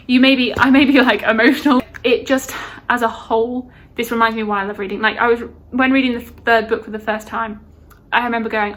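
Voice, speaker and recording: Brit female book vlogger, gushing and chatty, slightly high voice, repeats herself for emphasis. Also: a bit bright. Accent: British. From United Kingdom. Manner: gushing, enthusiastic, repeats words. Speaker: book reviewer. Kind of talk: casual book review vlog.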